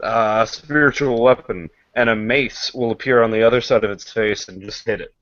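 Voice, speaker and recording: A man's voice: lowish voice, fairly even intonation, normal speed, fairly bright tone, no room sound. A man playing a tabletop game, hesitant and full of fillers as he counts dice aloud. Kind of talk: casual game chat. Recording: muffled lo-fi recording with clicking.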